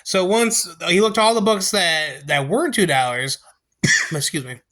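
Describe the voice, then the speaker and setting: A young man casually telling a story to his viewers, rambling and animated, with many restarts. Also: sits high, normal speed. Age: young adult. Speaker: storytime vlogger.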